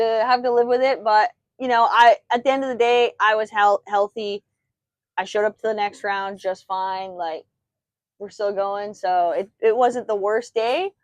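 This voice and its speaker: A woman's voice: medium pitch, moderate pace, no room sound. A woman racer, a podcast guest, talking in an easygoing, reflective way. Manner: easygoing, reflective, frequent agreeing backchannels. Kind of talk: casual chat.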